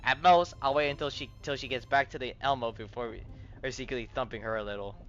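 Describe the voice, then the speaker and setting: A man's voice: medium pitch, steady tone, fast talker, fairly bright tone, highs cut off, soft background music, natural voice. A man reading as a brash young woman soldier. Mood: grumbling. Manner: blunt, grumbling and impatient.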